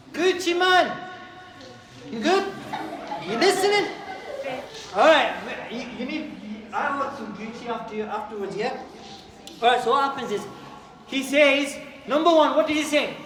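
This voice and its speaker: A man giving a lively talk to a youth group, questioning and calling out to his listeners. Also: very high voice. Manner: animated, questions and calls out to listeners. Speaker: youth teacher. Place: community hall with young audience. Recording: roomy hall, distant mic, crowd behind.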